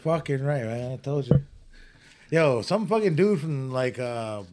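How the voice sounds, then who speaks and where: A man's voice: medium pitch, expressive, measured pace, a little mellow, a little hiss or hum. A man co-hosting a casual podcast, swearing through laid-back banter. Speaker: podcast co-host. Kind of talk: casual chat.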